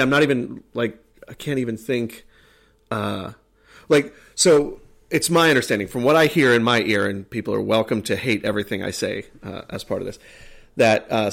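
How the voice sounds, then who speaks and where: A man's voice: lowish voice, vocal fry, a bit bright. An American man co-hosting a casual chat, rambling with lots of fillers and restarts. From United States. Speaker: podcast co-host. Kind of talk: casual chat ranking accents.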